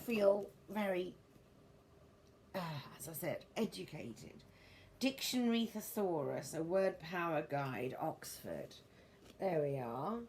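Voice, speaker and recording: A woman's voice: on the low side, creaky, slight background noise. A middle-aged woman rambling casually as she shows off her books, meandering and a little prim, correcting herself as she goes. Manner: meandering and prim, with self-corrections and formal turns of phrase. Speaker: vlogger showing her book collection. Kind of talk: rambling casual show-and-tell.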